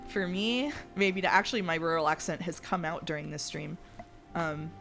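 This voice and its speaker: Low-voiced streamer woman, kinda gravelly, rambly chatty vibe, faint game music under. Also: normal speed, fairly bright tone. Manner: chatty, reads chat aloud, trails off and restarts. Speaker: streamer playing a life-sim game. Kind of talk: casual live-stream chat.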